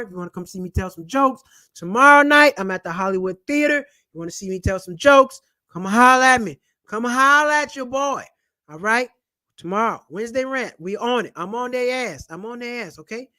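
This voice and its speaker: A man hosting a casual money-saving vlog, loud, animated and slangy, joking his way through a list of tips while seated at home. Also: high-pitched, no echo, clean studio sound. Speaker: channel host and comedian. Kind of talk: casual personal finance vlog rant. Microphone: camera mic.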